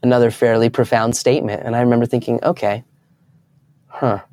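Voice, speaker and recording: A man's voice: mid-range voice, monotone, rapid-fire, mellow. A young adult man, a guest in an interview, telling stories earnestly and acting out the voices of people he quotes. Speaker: guest speaker. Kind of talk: storytelling in an interview.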